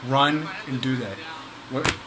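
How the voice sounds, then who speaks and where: A man's voice: medium pitch, takes it slowly. A man hosting a sports betting show, chatting animatedly and teasing his co-host. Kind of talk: casual sports betting chat. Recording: crowd chatter in the background.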